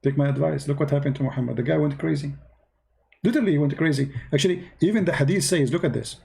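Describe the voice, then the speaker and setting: Male host, casual sarcastic commentary, halting non-native English, warm mellow voice. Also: a little high, gravelly. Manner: sarcastic, mocking, talks directly to viewers.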